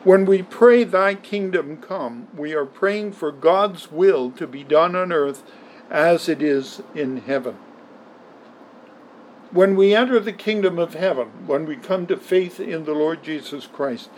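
A man's voice: fairly high pitch, a little mellow, a little hiss or hum, rough recording. A man preaching a sermon in an emphatic way, often repeating words for stress. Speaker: pastor.

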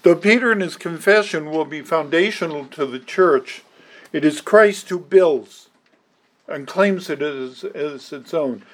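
Preaching to his congregation at a fairly high pitch, this pastor delivers his sermon deliberately and emphatically. Now and then he drops a dry aside.

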